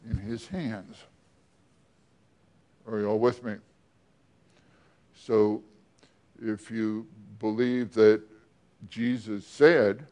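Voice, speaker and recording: A man preaching a sermon as pastor, often asking the congregation questions and pausing between phrases. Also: lowish voice. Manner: asks the congregation questions, with pauses and restarts.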